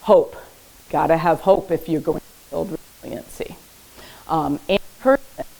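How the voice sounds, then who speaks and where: Woman, therapist leading a parenting workshop; low, gravelly register, chatty teaching style with frequent "okay?" check-ins. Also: moderate pace, warm tone, poor audio. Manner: conversational, often checks in with "okay?"; uses light humor while teaching. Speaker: therapist giving a parenting talk. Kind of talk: informal educational presentation. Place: public library event room.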